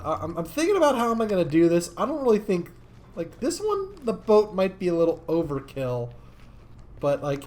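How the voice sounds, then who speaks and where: A man giving casual gameplay commentary as a let's-play host, rambling and easily excited, with many fillers. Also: fairly high pitch.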